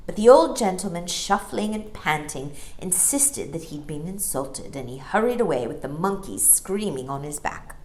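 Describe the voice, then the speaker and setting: A woman reading a children's storybook aloud as a storyteller, expressive and lilting. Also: fairly low pitch, normal speed, few pauses.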